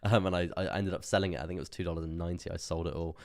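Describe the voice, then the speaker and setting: A man's voice: low-pitched, flat delivery, racing, darkish tone. A young man hosting a crypto livestream, chatting casually about charts, laughing often and repeating himself as he reads the chat. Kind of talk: casual live market commentary.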